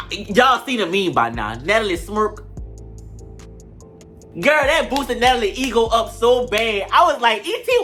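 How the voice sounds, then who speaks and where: A man's voice: sits high, bright, forceful tone. A man giving casual, profane, sassy commentary in a reality-show review. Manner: blunt, profane, sassy trash talk.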